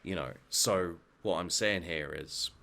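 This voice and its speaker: A man's voice: low-pitched, unhurried, creaky, pushed and bright. A man ranting bluntly about his opinions, swearing often and restarting his sentences. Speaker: vlogger. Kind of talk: heated opinion rant.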